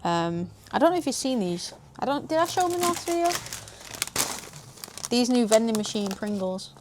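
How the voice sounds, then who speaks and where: A woman's voice: a little high, sing-song, moderate pace, noisy background. A British woman in her twenties, chatting casually in a vlog about running her small business, easily sidetracked and swearing lightly. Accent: British English. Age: 20s. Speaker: vlogger, small business owner. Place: small home office indoors.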